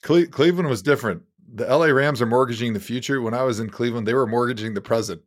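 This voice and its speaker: A man's voice: mid-range voice, fast talker, dry recording. A man co-hosting a sports podcast, chatting casually with dry, self-deprecating jokes. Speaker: podcast co-host.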